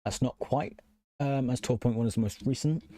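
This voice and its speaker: Streaming his computer build live, a man thinks out loud and responds to chat, often apologizing. His mid-range voice is warm, at normal speed, with no room sound, and he comes across as self-conscious and apologetic.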